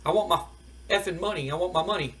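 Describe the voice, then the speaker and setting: A man's voice: high-pitched, fast talker, fairly bright tone, distant mic, rough recording. A man voicing a broke former champion wrestler who stammers and pleads through tears. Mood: angry. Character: whimpering broke male ex-champion wrestler begging.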